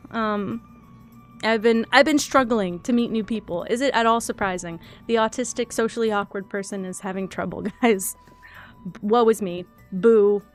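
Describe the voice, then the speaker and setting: A young woman streamer chatting casually with viewers, rambling and self-deprecating, a little teary and laughing often. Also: a little high. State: teary, crying. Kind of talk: casual live-stream chat.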